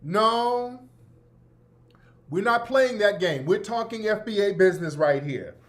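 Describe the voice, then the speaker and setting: Man, radio host, high voice, brash, sarcastic, slangy commentary, repeats himself for emphasis. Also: lively intonation, normal speed. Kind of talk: opinionated talk-radio commentary.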